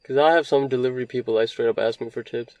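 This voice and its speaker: A man's voice: mid-range voice, steady tone, quick pace, a little mellow, no room sound. A young man in casual podcast chat, teasing his friend with short, profane jabs. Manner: teasing, short interjections, swears. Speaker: podcast co-host.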